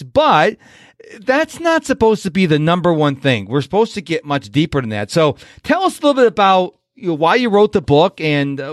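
Male interview host, chatty, self-deprecating, animated voice, dry close sound. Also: high-pitched, no room sound. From Rochester, New York. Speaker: podcast host. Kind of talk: casual interview chat.

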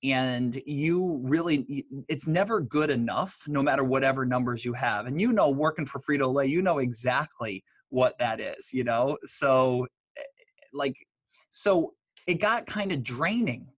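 A man, a guest in an interview, telling stories in a loose, animated way full of fillers. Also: medium pitch, measured pace, no room sound. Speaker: guest, author and speaker. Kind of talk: casual interview storytelling.

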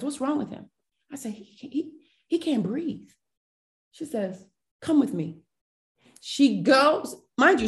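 A woman, a podcast guest, telling a personal family story with feeling and acting out the dialogue. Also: mid-range voice. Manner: emotional, animated retelling with quoted dialogue.

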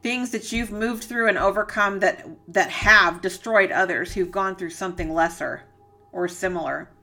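A woman's voice: mid-range voice, normal speed, sharp tone. A woman giving a channeled reading, earnest and emotional, rambling and searching for words with many fillers. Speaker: psychic reader.

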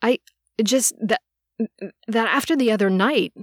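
A woman's voice: on the high side, no room sound, studio quality. A woman voicing a suspicious, jealous male sheriff in an audiobook. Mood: accusing. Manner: accusing, slow.

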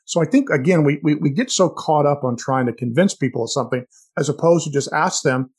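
A man co-hosting a sales podcast, talking in an animated way and telling stories with frequent restarts. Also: a little high, a little fast, husky. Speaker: podcast co-host. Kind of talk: casual sales chat.

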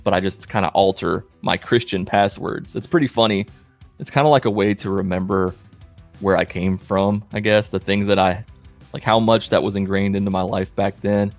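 A man in his late twenties telling stories in a wry, self-deprecating, animated way as a vlogger. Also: fairly low pitch, normal speed, soft background music. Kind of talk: casual self-mocking storytelling.

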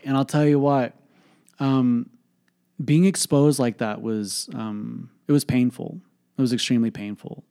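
With a mellow, mid-range voice, this man hosts a podcast and delivers a frank monologue about something that happened to him. He's emphatic and swears freely, leaning heavily on filler words.

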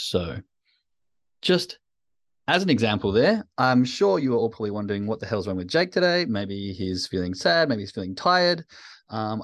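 A man hosting a podcast, talking casually and candidly to his listeners and a live chat, coaching them on how energy shapes their mood. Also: on the low side. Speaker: podcast host.

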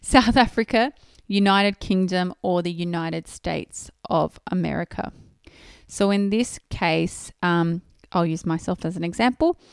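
Methodical woman explaining clearly. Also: on the low side, measured pace, no echo, clean studio sound. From Australia. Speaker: podcast host. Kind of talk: explanatory podcast talk.

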